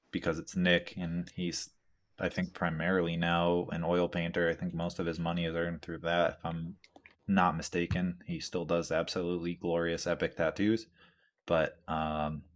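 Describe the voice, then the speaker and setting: A man hosting a tattoo podcast, talking in a laid-back, rambling way with lots of fillers and the odd swear word. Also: deep voice. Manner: reads out listener questions. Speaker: tattoo artist and podcast host. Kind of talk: casual chat.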